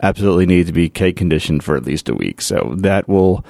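A man's voice: low voice, lively intonation, fast, vocal fry, dark tone, dry recording. A man hosting a podcast, giving a casual, rambling update and thinking aloud as he goes. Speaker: podcast host, home brewer.

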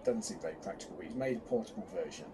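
Male co-host, mellow and warm, chatty with frequent restarts, faint background hiss. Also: fairly low pitch, very fast. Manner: chatty, hesitant restarts, animated bursts. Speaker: podcast co-host. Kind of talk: casual fan chat.

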